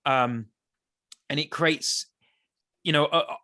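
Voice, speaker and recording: A man, a songwriter guest on a podcast, talking in a thoughtful, hesitant way with many restarts, his voice still a bit rough from the early morning. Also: on the high side, slow, pushed and bright. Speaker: musician guest. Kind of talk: casual interview chat.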